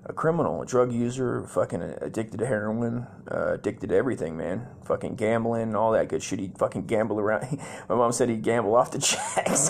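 A man's voice: mid-range voice, normal speed, creaky. A man in his forties from Las Vegas, telling crude stories in a loose, rambling way full of cursing, with dude and man at the ends of his lines. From Las Vegas, USA. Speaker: comedy podcast host. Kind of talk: rambling profane storytelling.

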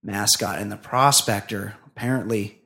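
A man's voice: fairly low pitch, steady tone, moderate pace, vocal fry, sharp tone. A man co-hosting a comedy podcast in casual banter, blunt with rambling asides. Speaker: podcast co-host.

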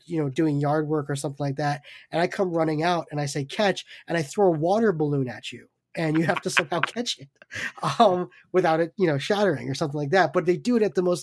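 A man with a somewhat high voice co-hosting a casual podcast. He tells stories in an animated, rambling way, full of fillers and laughs. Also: no room sound. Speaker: podcast co-host.

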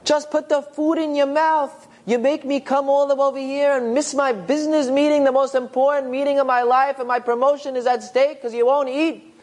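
A man voicing a stressed young man who snaps and shouts in exasperation. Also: very high-pitched, level tone, fairly quick, pitched above the performer's own voice. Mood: angry shouting. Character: frantic stressed young man, short-tempered.

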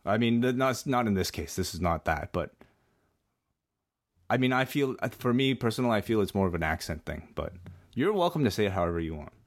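Man, low voice, very lively pitch, sick, podcast co-host, dry sound. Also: a little fast, no room sound. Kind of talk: casual chat.

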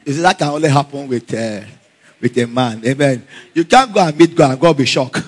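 Male preacher, sermon, husky, call and response, animated storytelling, frequent laughter. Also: mid-range voice, a little fast.

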